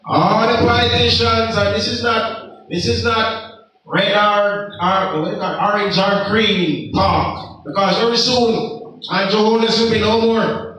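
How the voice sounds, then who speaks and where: A Jamaican man speaks with a high, emphatic voice and lectures young people through rhetorical questions. He sounds far from the mic, and the room echoes heavily. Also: fairly even intonation, measured pace, bright, forceful tone. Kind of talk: impassioned motivational talk.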